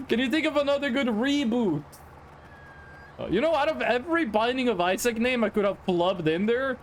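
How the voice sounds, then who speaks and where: High, lively young Norwegian man. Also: a little hiss or hum. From Norway. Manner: rambling, chatty, talks straight to chat. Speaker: streamer. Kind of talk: casual live-stream chat while gaming.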